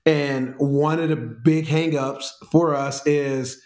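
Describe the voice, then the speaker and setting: A man's voice: on the high side, fairly even intonation, takes it slowly, darkish tone. A man with a Southern US accent speaking as an interview guest, friendly and laughing as he tells anecdotes. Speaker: restaurant executive guest. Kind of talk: casual interview chat. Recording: roomy echo.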